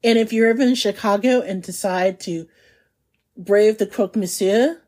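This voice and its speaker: Husky-voiced woman hosting a food podcast. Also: mid-range voice, normal speed, mellow. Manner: enthusiastic, laughs often, savoring descriptions. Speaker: podcast host. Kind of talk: casual food podcast chat.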